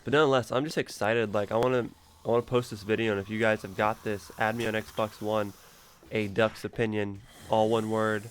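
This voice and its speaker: A man's voice: fairly low pitch, flat delivery, a little fast, a little hiss or hum. A man giving casual, rambling gameplay commentary as a gaming YouTuber. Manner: rambling, loose, laughs easily.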